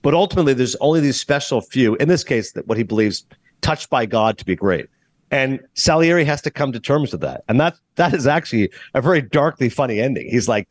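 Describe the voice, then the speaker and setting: Guy host rambling fast about a movie, does the characters' voices, dry mic. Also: mid-range voice, no room sound. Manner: animated, acts out characters' lines. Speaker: podcast host. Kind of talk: casual movie review chat.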